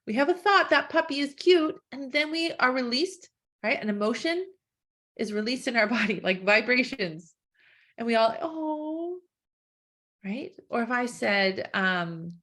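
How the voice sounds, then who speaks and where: A woman coaching in a webinar, talking conversationally with lots of "like" and "right?", acting out quick quoted thoughts with gasps. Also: fairly high pitch, expressive, a bit bright. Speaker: weight-loss coach. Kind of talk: webinar teaching.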